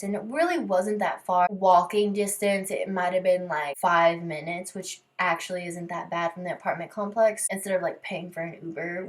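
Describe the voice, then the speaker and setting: A young woman vlogger telling a storytime tale in a casual, animated way, acting out the dramatic moments. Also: mid-range voice.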